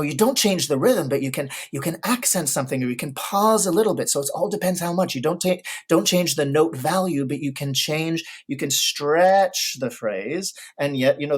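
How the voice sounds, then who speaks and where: A man, a guest expert on historical piano recordings, explaining ideas in a thoughtful, measured way during a casual interview. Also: on the high side, husky.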